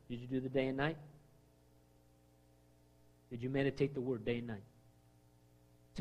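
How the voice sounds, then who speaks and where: A man preaching a sermon in a conversational way, acting out quoted voices and swinging between loud lines and hushed ones. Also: on the high side, a little fast, pauses often. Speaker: pastor.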